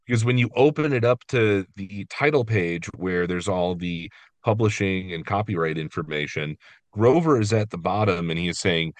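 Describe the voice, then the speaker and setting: A man's voice: low-pitched, moderate pace, no echo. A man co-hosting a podcast, chatting with enthusiasm about a favorite children's book. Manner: enthusiastic, animated, reads book lines aloud. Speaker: podcast co-host. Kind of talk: casual chat.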